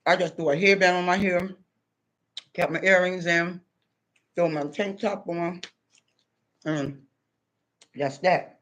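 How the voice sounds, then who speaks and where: A tired man hosts a casual livestream from his home, talking loosely and chatting with viewers while he eats, through a computer microphone. His high, fairly bright voice stays steady, and he speaks slowly with long pauses.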